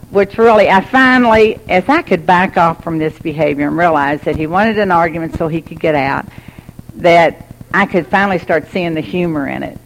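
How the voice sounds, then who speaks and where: A woman's voice: on the low side, moderate pace, low-quality recording. Woman sharing her story, candid, laughs a lot, faint noise behind. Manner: candid, laughs often while telling. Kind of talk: personal testimony.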